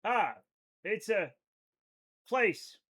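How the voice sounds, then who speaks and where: A man's voice: high-pitched, lively intonation, drawn-out words, a bit bright. A man with a Rhode Island accent, chatting casually on a live game stream, rambling as he reads chat aloud and riffs on it.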